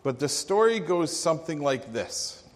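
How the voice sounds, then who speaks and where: A man's voice: fairly high pitch, big pitch swings, moderate pace, long reverb tail. A man preaching a sermon in a storytelling manner.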